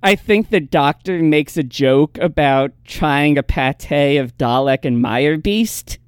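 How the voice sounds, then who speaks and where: Unhurried, smooth-voiced podcast recapper. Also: mid-range voice, no room sound, studio quality. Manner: laughs often, narrates the plot step by step. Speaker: podcast co-host recapping episodes. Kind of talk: casual recap chat.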